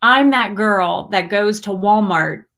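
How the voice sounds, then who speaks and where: A woman in her forties hosts a spiritual livestream, talking in a heartfelt, rambling way. She breaks into bursts of excited greetings now and then. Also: medium pitch, takes it slowly. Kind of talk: emotional live stream chat.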